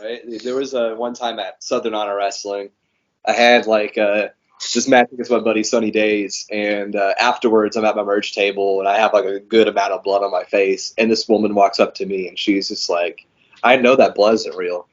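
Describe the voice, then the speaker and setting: A man's voice: lowish voice, flat delivery, normal speed. A man being interviewed as a wrestling guest, telling stories in a laid-back, rambling way with lots of fillers. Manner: laid-back storytelling, many fillers, laughs often. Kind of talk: casual interview chat. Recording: dull lo-fi sound.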